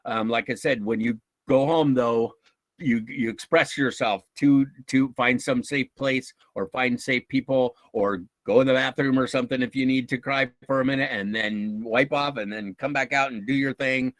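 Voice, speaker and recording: A man from a nonprofit, giving an informal talk and answering questions in an animated way, with chuckles, restarts and acted-out quotes. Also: mid-range voice, normal speed, no echo, low-quality recording. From United States. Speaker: guest speaker from a nonprofit.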